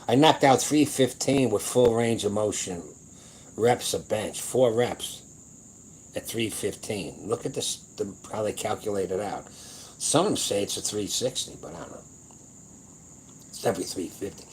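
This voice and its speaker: A gruff older man in his seventies with a very low voice, rambling on in a casual livestream. He talks in a blunt, boastful way and swears freely, with a faint hum of noise behind him. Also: normal speed, a little mellow, poor audio. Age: 70s. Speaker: powerlifting channel host.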